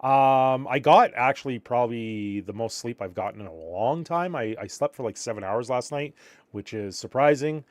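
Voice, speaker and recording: A man's voice: mid-range voice, moderate pace, no room sound. A man from Canada, rambling through a casual live stream, reacting to viewer chat and a little tired.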